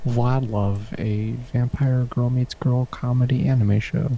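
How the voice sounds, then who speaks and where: A man's voice: mid-range voice, fairly even intonation, warm tone, a little hiss or hum. A man co-hosting a casual podcast chat, easygoing and agreeable. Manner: easygoing, agreeable, quick to laugh. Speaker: podcast co-host.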